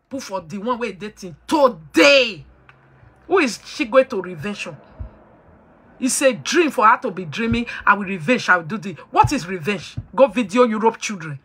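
A woman's voice: fairly high pitch, pushed and bright. A woman hosting a talk show, lecturing her listeners in an emphatic, preachy way and slipping into pidgin. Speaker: host.

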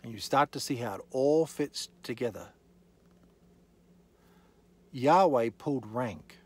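A man's voice: medium pitch, animated, slow pace, slightly rough. A man teaching the Bible in an evening session, reading scripture aloud and stressing his points with rhetorical questions.

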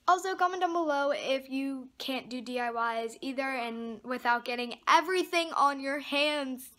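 High-pitched teen girl venting in a vlog, stuffy nose, kinda rambly and sorry about everything. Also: fairly bright tone. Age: teens. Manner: frustrated, rambling, apologetic. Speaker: vlogger. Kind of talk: casual vlog talk to camera. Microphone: phone camera.

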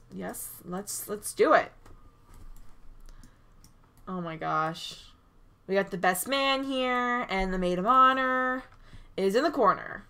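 A woman giving chatty, excitable commentary over a life-sim game, recorded on a desk mic at her computer. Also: medium pitch. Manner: chatty and excitable, frequent "oh my gosh" and small gasps. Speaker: gaming YouTuber. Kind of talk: casual gameplay commentary.

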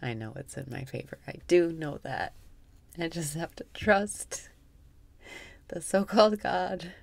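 Slow, gravelly-voiced woman guiding meditation. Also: lowish voice, animated, no echo. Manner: slow, soft-spoken, often dropping to a whisper, with wry self-mocking laughs. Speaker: meditation guide. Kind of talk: guided meditation.

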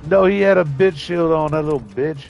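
A man streams a shooter game live, cursing, trash-talking opponents and shouting at enemies as he commentates. His voice is a little high with vocal fry, and he talks fairly quickly. The highs are cut off in the recording.

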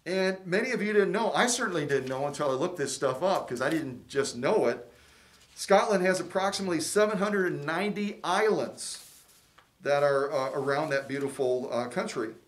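Middle-aged male host, casual and chatty, folksy presenter, a touch high-pitched. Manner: chatty, folksy, rambling trivia. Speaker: fundraiser host.

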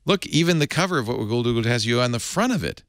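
A man's voice: medium pitch, lively intonation, racing, a bit bright, dry recording, studio quality. A middle-aged man hosting a tech talk show, chatting casually and reading an ad with restarts and asides. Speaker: podcast host.

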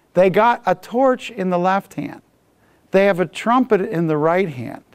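A Bible teacher lectures to a class with a very lively, swooping voice. The talk is jokey and conversational, moving from read passages to playful asides and acted-out bits. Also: mid-range voice. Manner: jokey and conversational, acting out scenes.

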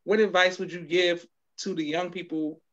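A man hosting a podcast interview, calmly reading out listener comments and putting questions to his guest. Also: high voice, normal speed, highs cut off. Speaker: podcast host.

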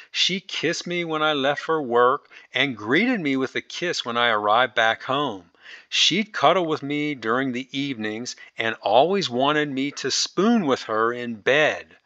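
A man's voice: medium pitch, pushed and bright, dry recording, highs cut off. A man reading a listener's story aloud and breaking in with his own asides. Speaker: story reader and commentator.

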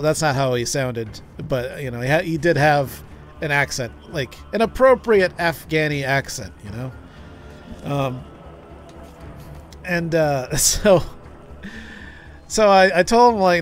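A man's voice: on the high side, lively intonation, a little slow, long pauses, faint music behind. A man streaming a game, telling a long story in a rambling way with many restarts. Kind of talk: casual gameplay commentary.

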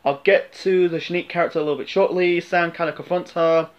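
A man's voice: fairly high pitch, fairly even intonation, quick pace, dull audio. Rambling man reviewing a film. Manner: hesitant, many fillers and restarts.

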